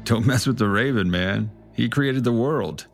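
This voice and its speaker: A man co-hosting a podcast, telling folk tales in a relaxed, jokey way with dramatic read-aloud narration. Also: mid-range voice, a little slow, faint music behind. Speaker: podcast co-host. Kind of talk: casual storytelling chat.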